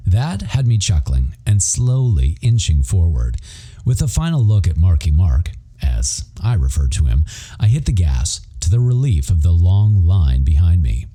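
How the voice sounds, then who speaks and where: A man's voice: sits low, big pitch swings, measured pace, dark tone, breathy edge. A man narrating a romance audiobook in first person, wry, profane and self-mocking.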